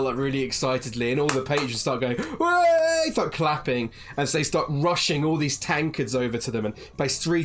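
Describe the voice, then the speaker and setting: A game master narrating a tabletop game in a rambling way, full of fillers and "like"s. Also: medium pitch.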